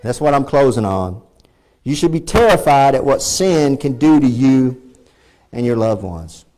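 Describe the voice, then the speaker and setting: A man's voice: mid-range voice, expressive, a little slow, darkish tone. A man with a Texan accent preaching a fervent sermon as pastor in a church, repeating his points and rising to emphatic peaks. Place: church sanctuary.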